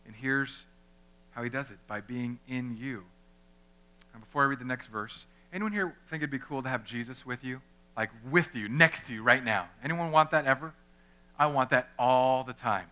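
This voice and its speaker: Bright-voiced man preaching a conversational sermon. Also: mid-range voice, normal speed. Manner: conversational, addresses the congregation directly; animated, acts out little scenes. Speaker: pastor.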